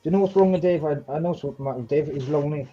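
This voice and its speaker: A man's voice: fairly high pitch, rapid-fire, mellow, breathy edge, dull audio. A man hosting a live model-building stream, chatting casually and teasing his friends. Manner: joking, teasing, mumbles to himself. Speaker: model-building livestream host.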